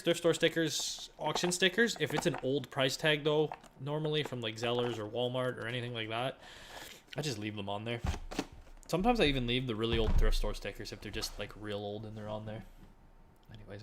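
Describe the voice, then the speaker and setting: A young man chats casually while working through his resale listings. His voice sits at an ordinary middle pitch, relaxed, with lines that often trail off quietly. He is recorded at home on a stream mic with clear background noise. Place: living room at home.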